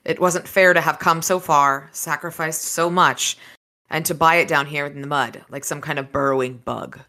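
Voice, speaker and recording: A woman reading the lines of a sardonic male wizard aloud, wry and sarcastic, with a forceful voice. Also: low voice, fairly even intonation, moderate pace.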